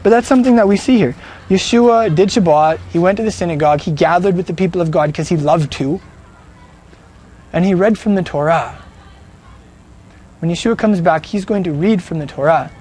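Man preaching, pretty high voice, punchy, keeps asking the crowd questions. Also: moderate pace, long pauses, a little mellow, breathy edge. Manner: emphatic, rhetorical questions. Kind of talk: sermon.

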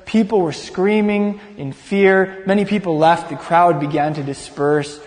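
A male preacher with a high voice tells a story with vivid detail, often stumbling and repeating words. His voice rings with a long reverb from a large hall. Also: steady tone, measured pace, a little mellow. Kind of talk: sermon storytelling.

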